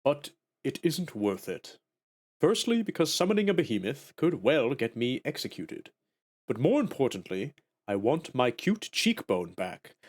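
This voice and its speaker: A man's voice: mid-range voice, sing-song, measured pace, a little mellow. A man voicing a young male witch fused with a monster, reading the game dialogue aloud in a wry, self-mocking, matter-of-fact way.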